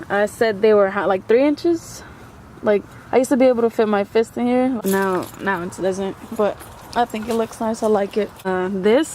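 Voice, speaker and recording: A woman's voice: mid-range voice, a little mellow. A woman vlogging casually outdoors beside her car, rambling and swearing offhandedly, on a camera mic in the wind. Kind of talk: casual vlog.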